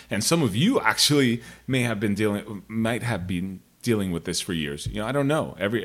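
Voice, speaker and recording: A man telling a personal story in a casual, rambling monologue to his viewers. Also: deep voice. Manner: rambling, digressive, frank.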